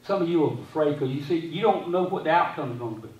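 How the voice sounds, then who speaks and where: A man preaching a sermon as pastor, quoting scripture and repeating phrases, swinging between loud and hushed delivery. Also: on the high side, expressive, quick pace, highs cut off. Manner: quotes scripture. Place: church sanctuary. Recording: echoey sanctuary from a distance.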